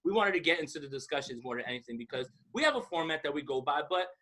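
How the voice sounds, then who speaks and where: Fast-talking high-voiced male co-host. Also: big pitch swings, sharp tone. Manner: quick, chatty, full of fillers like "like". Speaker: podcast co-host. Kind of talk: casual podcast chat.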